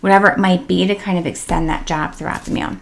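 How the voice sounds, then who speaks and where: A woman's voice: lowish voice, fairly even intonation, quick pace, gravelly. A woman giving casual, chatty parenting tips as the host of a tip series, with many fillers and upbeat emphasis. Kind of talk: casual instructional talk to camera.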